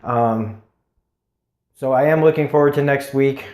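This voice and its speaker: A man's voice: medium pitch, a little slow, darkish tone. Rambling, profane man in an echoey room. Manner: rambling, profane, with many fillers. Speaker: TV episode reviewer. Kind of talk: casual solo video review. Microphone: camera mic. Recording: roomy echo.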